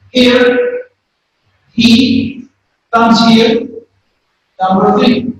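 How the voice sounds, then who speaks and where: A man teaching a grammar lesson, speaking slowly and repeating key words for emphasis. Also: extremely high pitch, a little hiss or hum. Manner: slow, repetitive, stresses key words. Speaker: high school English teacher. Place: classroom. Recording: echoey room, voice from a distance.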